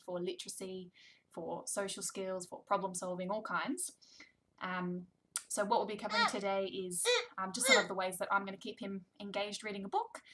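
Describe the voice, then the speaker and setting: A woman, a speech therapist explaining how to read with a toddler. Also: mid-range voice. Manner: animated, exaggerated sound play with a child. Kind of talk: demonstrating book reading with a toddler.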